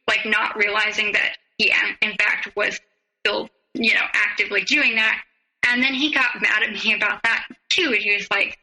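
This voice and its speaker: A woman speaking as a podcast guest, working haltingly through a personal story and recounting old conversations in detail. Her voice sits on the higher side and has a very bright, forceful edge. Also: poor audio.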